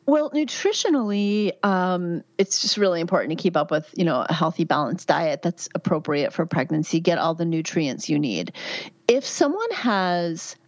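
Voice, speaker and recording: A candid physician in her fifties answers questions as a podcast guest, offering warm, chatty advice full of "um" and "you know". Her lowish voice has lively intonation and a moderate pace. The recording is dull and lo-fi, dry and close with no room sound.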